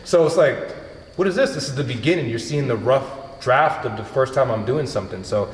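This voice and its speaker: A man hosting a podcast, telling stories in a casual, animated way, acting out quotes and swearing freely. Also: mid-range voice, brisk. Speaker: podcast host. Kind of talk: casual chat. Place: home gym. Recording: echoey room with long reverb.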